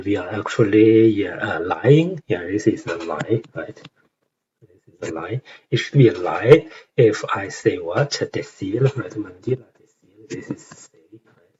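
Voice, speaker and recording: A young man with a Chinese accent talks through a lesson in a low voice, pausing often on fillers and tag questions. The recording sounds dull and lo-fi, with a faint hiss underneath. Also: warm tone. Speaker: language learner explaining song lyrics. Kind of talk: casual tutorial explanation.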